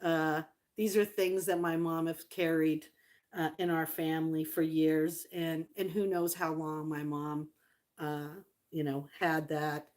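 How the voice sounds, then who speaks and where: A middle-aged woman vlogger chatting casually to her viewers, rambling with fillers and doting warmly over old collectibles. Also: low voice, level tone, measured pace. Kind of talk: casual livestream chat.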